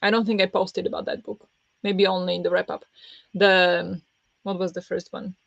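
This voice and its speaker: Hosting a live reading sprint stream, a non-native English speaker chats with her viewers and laughs a lot. Her medium-pitched, gravelly voice is flat and at normal speed, captured in a dry, dull recording.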